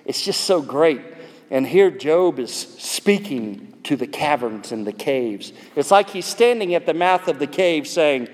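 Preacher guy, kinda high voice, chatty and rambly, big echoey hall. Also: lively intonation, a little slow. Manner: conversational, digressive, with asides to the audience. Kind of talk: expository sermon. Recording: long reverb in a large hall.

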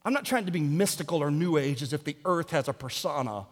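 A man preaching a comic, animated sermon, poking fun at himself and bursting into shouts. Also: fairly high pitch, quick pace, big-room sound. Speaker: pastor. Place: large church sanctuary.

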